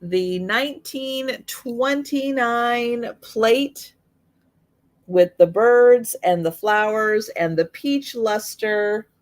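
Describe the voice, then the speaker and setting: A woman hosting a live online sale, listing vintage items and prices one by one with fillers, her voice slightly worn. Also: fairly high pitch. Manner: slow, item-by-item pricing with fillers.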